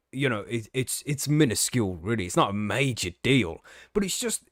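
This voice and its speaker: A man's voice: on the high side, dry recording, studio quality. A man hosting a podcast, reading an article aloud and ranting about it with sarcastic, sweary indignation. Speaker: podcast host. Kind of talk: casual ranting commentary.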